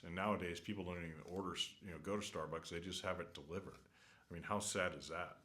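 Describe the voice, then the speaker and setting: A man with a very low voice rambles through an unscripted vlog rant. He talks casually from a hotel room, earnest and opinionated, and keeps circling back with fillers and half-started sentences. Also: a little fast, a bit bright. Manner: rambling, many fillers and restarts. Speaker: travel vlogger.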